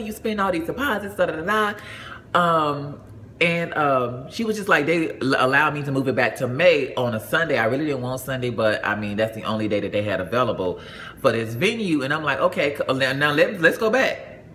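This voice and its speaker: Casual storytelling man, swoops up high when quoting friends, clear bright tone. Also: brisk, a little hiss or hum. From Atlanta. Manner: animated, lively, jumps into high voices for quoted friends. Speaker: vlogger telling a story.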